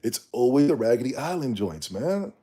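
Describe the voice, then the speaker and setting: A man's voice: medium pitch, sing-song, moderate pace, mellow, breathy edge. A man hosting a casual livestream, ranting bluntly in slangy talk and reading the chat. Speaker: streamer.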